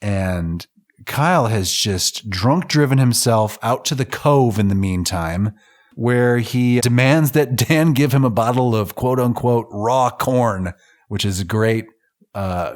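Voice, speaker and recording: A man's voice: lowish voice, unhurried. Loose-talking man recapping a movie. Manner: loose, profane, acts out characters' lines in quotes. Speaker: podcast co-host.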